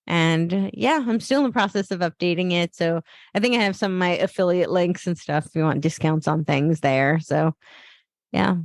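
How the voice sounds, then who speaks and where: Casual, low-pitched woman guest. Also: normal speed, dry recording, studio quality. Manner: loose, searching phrasing with many fillers. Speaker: podcast guest. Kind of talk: casual interview talk.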